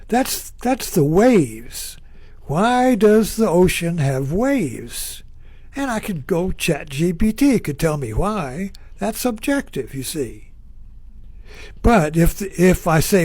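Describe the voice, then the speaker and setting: A man speaking as a Zen teacher in a reflective talk, his fairly high voice rising and falling widely as he asks question after question. He takes his time and circles back over his phrases. The sound is close and dry. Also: darkish tone, no echo. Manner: poses rhetorical questions, repeats phrases.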